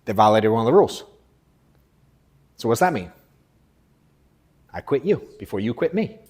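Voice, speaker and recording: Running a live sales coaching session, a man in his thirties speaks bluntly and profanely, switching between forceful emphasis and low, quiet asides. His husky voice swings widely in pitch at a moderate pace.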